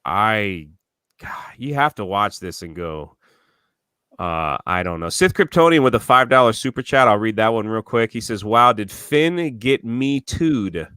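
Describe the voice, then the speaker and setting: A man co-hosting a casual chat, reading viewer messages, animated and incredulous. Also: lowish voice, unhurried, clear, resonant tone, no echo, clean studio sound.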